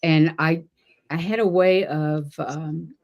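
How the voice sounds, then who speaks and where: Chatty low-voiced woman host. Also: fairly even intonation, slow, vocal fry, a little mellow, muffled recording. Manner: chatty, laughs often. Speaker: podcast host. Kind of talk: casual chat.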